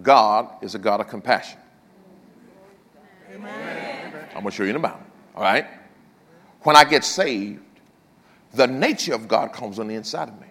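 An older pastor preaching a sermon, swinging from loud passages to hushed ones, with humorous asides to the congregation. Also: male voice, medium pitch, husky, big-room sound. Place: church.

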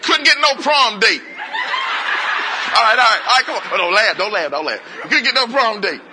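A man preaching an interactive sermon, coaxing answers from the congregation and repeating phrases in quick call-and-response bursts. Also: high voice, animated, crowd noise, background noise. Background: congregation voices and laughter.

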